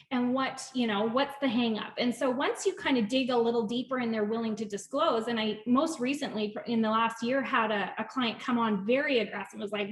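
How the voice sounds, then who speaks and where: A middle-aged woman, a sales executive, telling stories in a casual interview and acting out the dialogue. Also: a little high. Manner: animated, acts out quoted dialogue. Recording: echoey room.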